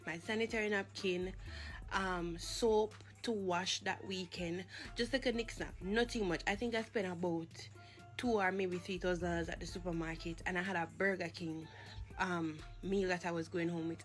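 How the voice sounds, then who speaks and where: A Jamaican woman tells a personal faith testimony in a somewhat low voice. She speaks earnestly and haltingly, with pauses and restarts. Quiet music sits faintly behind her. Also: steady tone. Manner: earnest, halting, with fillers and repeats.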